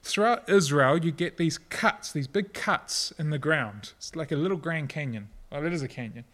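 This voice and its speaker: A middle-aged man delivers a sermon with a slightly higher-than-usual voice. He speaks earnestly and personally, easing into softer, reflective passages. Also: animated, normal speed. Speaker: pastor.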